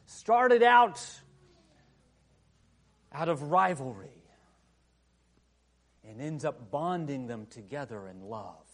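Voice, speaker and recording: A man's voice: fairly high pitch, very animated, takes it slowly, pauses often. A male pastor delivering a sermon in a conversational, storytelling manner, with frequent filler phrases.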